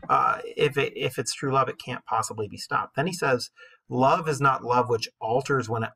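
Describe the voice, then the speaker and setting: A husky-voiced male teacher talks through a poetry lesson in a loose, casual way, full of ums and uhs. His pitch sits at an ordinary middle level for a man. He explains as though speaking to a class of students. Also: normal speed, sharp tone. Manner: casual, filler-heavy explaining. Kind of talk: classroom lecture with poem reading.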